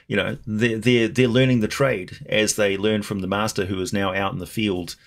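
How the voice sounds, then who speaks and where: A man's voice: fairly low pitch, steady tone, normal speed, gravelly. A man who makes videos, chatting casually in a rambling, thoughtful way full of fillers and restarts. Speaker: video creator. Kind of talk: casual chat.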